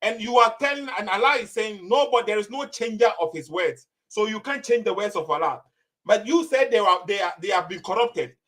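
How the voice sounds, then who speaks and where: Man debater, pushy and persistent, high and quick. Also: animated, fairly bright tone. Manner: insistent, repeats his questions. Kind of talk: heated religious debate.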